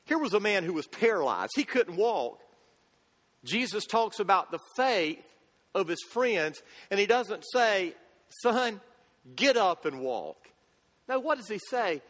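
A high-pitched man delivers an earnest sermon as a pastor. He drops to a hush and rises again, repeating words as he restarts. His voice rings with the long reverb of a large hall. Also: sing-song, a little slow. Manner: earnest, repeats words when restarting, swings from loud to hushed.

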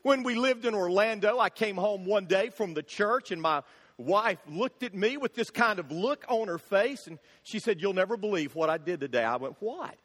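A man preaching a sermon, telling funny stories in an animated way and acting out the shouting in them. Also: sits high, normal speed. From Florida, USA. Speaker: pastor. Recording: long hall reverb.

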